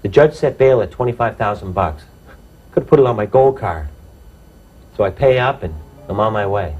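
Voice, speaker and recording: A man's voice: lowish voice, expressive, normal speed, narrow, tinny audio, over music. A man telling his own true story to an audience, plain-spoken and reflective, often saying "you know".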